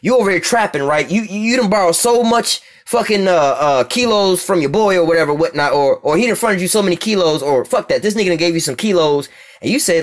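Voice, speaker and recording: A man's voice: high-pitched, animated, fast talker. An American man preaching, reading scripture aloud and commenting on it in blunt, profane street talk, often checking that listeners follow him. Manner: profane, blunt, keeps asking "you see what I'm saying".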